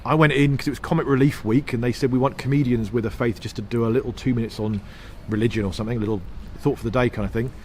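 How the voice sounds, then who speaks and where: A man's voice: medium pitch, steady tone, rapid-fire, few pauses, darkish tone, a little hiss or hum. A man from England, a comedy writer and stand-up, chatting in an interview in long rambling runs, with self-mocking asides and frequent restarts. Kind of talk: casual interview chat.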